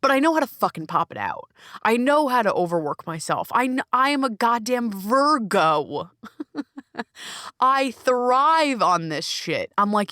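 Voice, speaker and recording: A woman's voice: mid-range voice, measured pace, no room sound, studio quality. A woman hosting her own podcast and coaching, talking alone in a candid, emphatic way with plenty of swearing, recorded in a small closet. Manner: candid, profane, emphatic and expressive. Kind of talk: solo podcast monologue.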